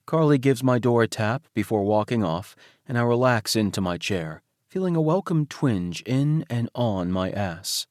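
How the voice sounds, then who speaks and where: A man narrating a romance audiobook in first person, intimate and soft-spoken. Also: mid-range voice, no echo, clean studio sound.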